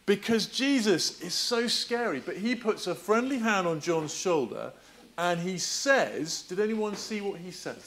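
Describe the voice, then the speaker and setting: A man preacher giving a playful all-age talk in a church service, quizzing the children and reading scripture aloud. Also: high voice. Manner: animated, playful, quizzing the audience. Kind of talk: lively children's talk with questions.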